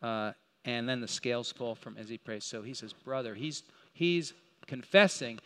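A man's voice: medium pitch, moderate pace, pushed and bright. A man teaching a Bible lesson in a sermon style, talking in a conversational way, asking his listeners questions and acting out the lines he quotes.

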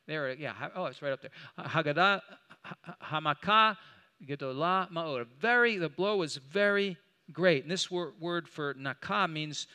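A man's voice: fairly high pitch, expressive, moderate pace, bright, forceful tone, smooth. A man teaching a Bible study in a conversational way, asking rhetorical questions and restarting as he looks up verses. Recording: long hall reverb.

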